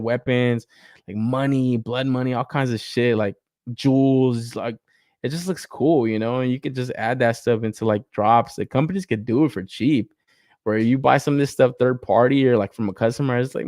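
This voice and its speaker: A man hosting a casual toy-collecting podcast, talking loose and profane with lots of filler words. His voice is mid-pitched, and when he rants it jumps up high and he laughs a lot. The sound is dry and close, with no room echo. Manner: animated, swears a lot, laughs often, rants with rising pitch. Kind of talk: casual review chat.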